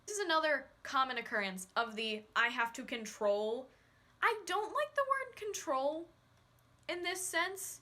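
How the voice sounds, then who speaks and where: A woman's voice: very high voice, very animated, normal speed, bright, forceful tone. A woman vlogger giving casual, sarcastic reaction commentary, with a lot of "like" in her speech. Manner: sarcastic, says "like" often. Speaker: horse-riding vlogger.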